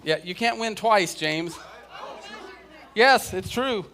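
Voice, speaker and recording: A man's voice: high-pitched, animated, slow pace, sharp tone, a faint crowd. A man teaching a casual church Bible class, chatting and joking with his students.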